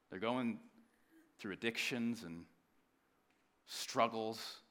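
Animated joking pastor, bright voice. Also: male voice, lowish voice, moderate pace. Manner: animated, joking, swings between loud emphasis and quiet asides. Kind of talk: sermon with storytelling.

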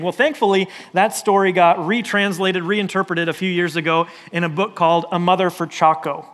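A man's voice: sits high, sharp tone. A man, a pastor, reading a picture book aloud to children during a church service. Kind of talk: children's story time in a sermon. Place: church sanctuary.

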